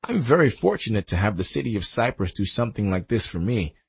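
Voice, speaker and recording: A man voicing an eighteen-year-old golf champion in an audiobook, speaking earnestly and with excitement. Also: fairly low pitch, fast talker, gravelly, slightly rough, dry recording, pitched below the performer's own voice, heavily acted. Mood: excited. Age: teens.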